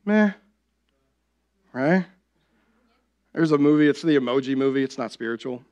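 A man's voice: medium pitch, fairly even intonation, very fast, darkish tone, smooth. A young adult man preaching a sermon as pastor, talking conversationally and often asking the congregation "right?".

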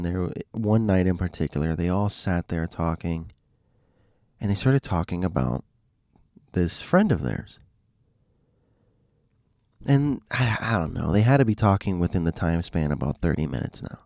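Deep-voiced man telling a story. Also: dry recording, studio quality. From Miami. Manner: animated, rambling with restarts. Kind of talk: casual storytelling monologue.

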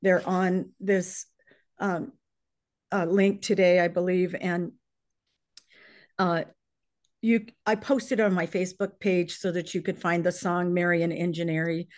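A woman's voice: lowish voice, fairly even intonation, a little slow, long pauses. A middle-aged woman leading an earnest spoken prayer, fervent and emotional, choked up and near tears as she reads scripture and lyrics with rising force. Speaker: prayer leader on a briefing call.

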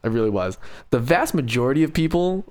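Young male podcast co-host: casual, animated, swears a lot, mid pitch, studio mic. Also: fast talker. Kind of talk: casual chat.

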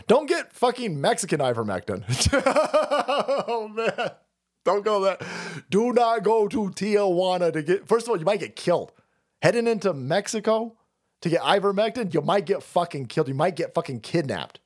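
A male streamer delivering a foul-mouthed, sarcastic rant. His pitch lurches from deep mockery to loud highs, and he keeps laughing at his own lines. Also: expressive, moderate pace. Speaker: livestream host. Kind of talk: ranting livestream commentary.

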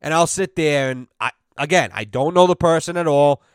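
A young adult man hosting a podcast, telling profane stories in a brash, animated way and acting out the exchanges he quotes. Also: a little high, normal speed, clear, resonant tone, dry recording, studio quality. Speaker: podcast host. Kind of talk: profane storytelling chat.

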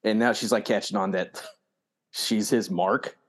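A man co-hosting a casual TV recap chat, relaxed and quoting characters as he goes. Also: lowish voice, measured pace. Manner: laid-back, quotes characters. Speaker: podcast co-host.

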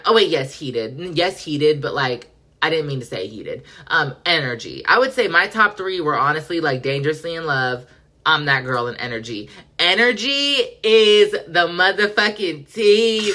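A woman's voice: sits low, sharp tone. A woman hosting a podcast in casual pop culture chat, effusive and profane, acting out quotes dramatically. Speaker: podcast host.

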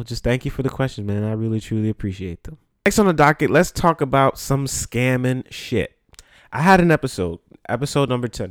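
A man hosting a podcast, telling stories in a profane, animated way, with congested sinuses. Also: lowish voice, no echo, clean studio sound. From the Bronx, New York. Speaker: podcast host. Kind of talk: casual storytelling monologue.

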